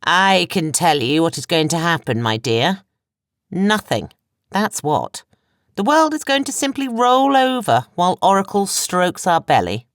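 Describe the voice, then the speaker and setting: A woman narrator doing a furious audiobook woman, scornful and sneering. The voice is pitched high and raised in a mocking rant. The recording is close and dry. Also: big pitch swings, measured pace, no room sound.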